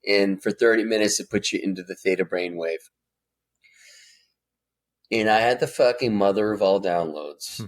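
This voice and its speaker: A man's voice: fairly low pitch, moderate pace, pauses often. A man in his forties, a podcast guest, telling a candid personal story and swearing freely as he grows emotional. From United States.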